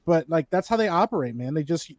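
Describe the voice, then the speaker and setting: Brief: fast, profane male co-host, slightly high voice, dry sound. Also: no echo. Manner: rapid, profane, animated ranting. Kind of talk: casual podcast chat.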